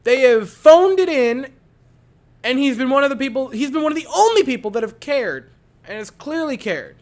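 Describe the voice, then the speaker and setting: A man giving an animated post-game reaction to a hockey game, repeating his points for emphasis. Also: extremely high pitch, normal speed. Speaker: hockey fan commentator.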